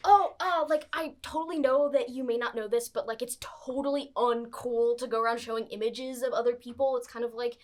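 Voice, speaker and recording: A woman's voice: fairly high pitch, steady tone, brisk, hardly any pauses, natural voice. A woman voicing a bubbly young valley-girl friar who gushes with squealing uptalk. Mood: apologetic.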